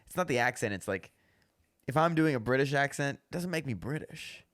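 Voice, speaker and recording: A young man co-hosting a comedy podcast, joking casually and slipping into slow dramatic quotes. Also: mid-range voice, expressive, fairly bright tone, no room sound, clean studio sound.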